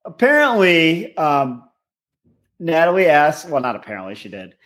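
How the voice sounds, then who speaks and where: High-pitched man steering podcast chat. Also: huge pitch swings, normal speed, a bit bright. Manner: steers the topics, chatty with fillers. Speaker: podcast co-host. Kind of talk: casual chat.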